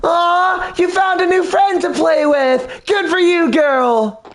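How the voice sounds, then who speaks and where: A man's voice: very high voice, takes it slowly, fairly bright tone, pitched above the performer's own voice, exaggerated voice. A man voicing a bubbly, lighthearted woman who is an animal tamer in a game dub, in a silly sing-song manner. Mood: gushing.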